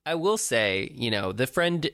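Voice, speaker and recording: A man's voice: mid-range voice, sing-song, a little slow, a bit bright, no room sound. A man co-hosting a casual movie-review chat, hesitant with many fillers and dry asides. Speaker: podcast co-host.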